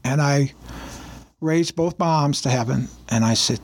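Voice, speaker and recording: A man who is a pastor, telling a personal story on a radio show in an earnest, halting way with many restarts. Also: mid-range voice, slight background noise. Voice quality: gravelly, husky voice.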